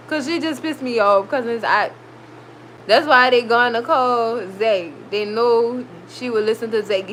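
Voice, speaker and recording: Heated, high-voiced woman recapping a show. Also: normal speed, a little hiss or hum, low-quality recording. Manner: animated, swearing, heated reactions. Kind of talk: casual TV recap vlog. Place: her room at home. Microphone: recorded.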